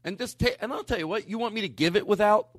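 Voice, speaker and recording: A man's voice: high-pitched, quick pace, fairly bright tone, no room sound, studio quality. A man hosting a casual podcast chat, rambling and earnest, often restarting his sentences. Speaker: podcast host.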